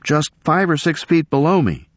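A man voices an urgent, determined young woman, calling out in a sing-song, fairly high pitch raised above his own natural voice. He speaks at a normal speed, and the studio recording is clean and dry.

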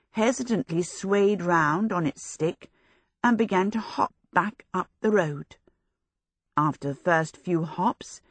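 A woman reading a storybook aloud as narrator, in a measured, expressive storytelling manner. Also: medium pitch, breathy edge, dry recording, studio quality. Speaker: audiobook narrator.

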